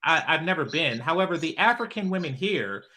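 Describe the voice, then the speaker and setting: A man from California hosting a casual debate, measured but insisting on finishing his point. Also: on the high side, sing-song, over a noisy crowd.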